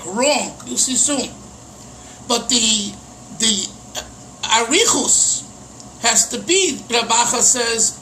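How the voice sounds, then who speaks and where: A middle-aged rabbi teaching a text in a relaxed, conversational way, acting out the questions as he explains. His voice sits very high and sounds piercingly bright. A faint hiss of noise runs underneath. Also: low-quality recording. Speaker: rabbi teaching Chassidic texts. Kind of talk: casual Torah lesson.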